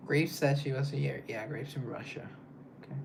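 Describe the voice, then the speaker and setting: Young guy chatting on his live stream, kinda rambly, gravelly, dropping into quiet asides. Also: medium pitch, steady tone, normal speed, background noise. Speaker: livestream host, singer. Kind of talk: casual livestream chat reading comments.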